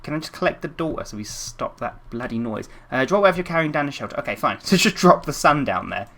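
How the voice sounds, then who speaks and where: A woman's voice: extremely low pitch, wildly swooping pitch, normal speed, a bit bright, a little hiss or hum. A young woman commentating her gameplay in a frantic, panicky way, often swearing and laughing at herself. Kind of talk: let's play commentary.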